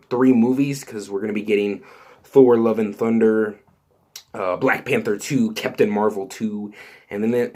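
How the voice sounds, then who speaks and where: A man hosting his own channel, talking excitedly and rambling with lots of fillers and restarts. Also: lowish voice. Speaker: YouTube host. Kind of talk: excited casual vlog commentary.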